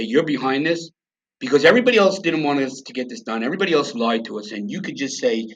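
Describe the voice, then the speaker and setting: A man's voice: mid-range voice, a bit bright. A man, a podcast guest telling his story in a blunt, profane, emphatic way. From New York. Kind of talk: storytelling in a conversational interview. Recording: slightly dull lo-fi sound.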